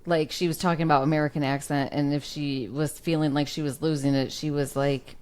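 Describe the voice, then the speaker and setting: Woman co-host, fairly low voice, playful and quick with asides. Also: steady tone, darkish tone. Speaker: podcast co-host. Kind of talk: casual chat.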